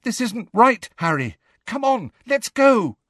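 A man reading aloud and voicing a frightened, bossy teenage schoolgirl witch in a high-pitched, strained, insistent voice. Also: huge pitch swings, unhurried, fairly bright tone, no echo, clean studio sound, full character voice. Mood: scared, insistent.

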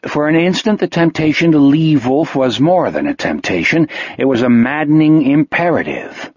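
A man reading an audiobook novel in a measured storytelling manner. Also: fairly high pitch, animated, darkish tone, no echo, lo-fi sound. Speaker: audiobook narrator. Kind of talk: scripted narration.

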